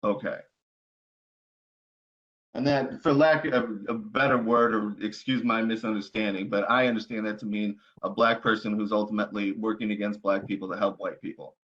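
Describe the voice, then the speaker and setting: Lawyer type, male, measured and hedging, slightly muffled lo-fi recording. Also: on the low side, steady tone, fairly bright tone. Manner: careful, hedging, restates and rephrases. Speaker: attorney cross-examining a witness. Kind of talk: legal questioning.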